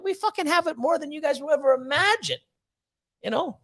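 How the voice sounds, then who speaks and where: A man with a notably high voice rants on a livestream, blunt and profane. He pushes hard with fired-up motivational talk and swears constantly. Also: lively intonation, fairly quick, a bit bright. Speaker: snake breeder hosting a livestream. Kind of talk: livestream rant.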